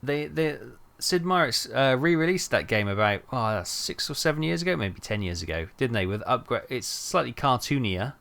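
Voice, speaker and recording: A man's voice: medium pitch, big pitch swings, moderate pace, vocal fry, few pauses, fairly bright tone. A man streaming a trucking game, rambling and thinking aloud with lots of fillers. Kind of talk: casual gameplay chat.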